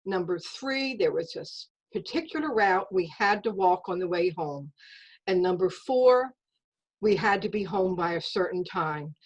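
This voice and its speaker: A woman's voice: lowish voice, animated, husky, dull audio. Earnest woman telling a personal story. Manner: earnest, measured. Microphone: video call.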